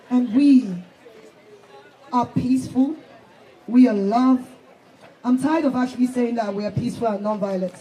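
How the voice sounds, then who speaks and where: High-voiced man rallying a protest crowd. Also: a little slow, long pauses, warm tone, rough recording. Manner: emotional, laughing, rallying. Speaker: protest organizer. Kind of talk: rally speech through a crowd. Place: outdoor street protest. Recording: outdoor protest with crowd behind.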